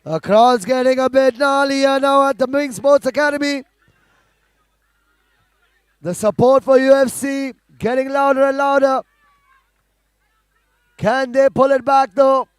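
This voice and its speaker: A man giving live play-by-play commentary on a football match, calling passes quickly and rising to shouts at goals. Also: very high-pitched, fairly even intonation, dry recording, clean studio sound.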